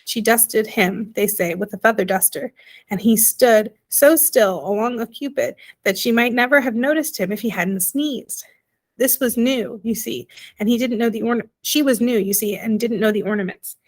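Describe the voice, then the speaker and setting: A woman's voice: fairly high pitch, normal speed, natural voice. A woman doing Homily, fussy anxious mother. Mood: scolding. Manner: emphatic, scolding, fussy. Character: anxious, sharp-tongued tiny mother.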